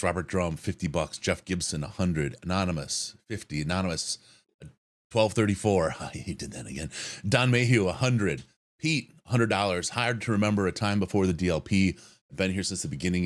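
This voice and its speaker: A man co-hosting a live-stream podcast, reading out donations and thanking people with halting restarts and chuckles. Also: sits low. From Detroit area. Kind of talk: casual live-stream chat.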